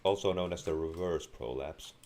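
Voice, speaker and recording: A young man with a sore throat and a deep, raspy voice, giving deadpan gameplay commentary. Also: moderate pace. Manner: deadpan, crude jokes. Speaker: gamer. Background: faint game music and keyboard typing.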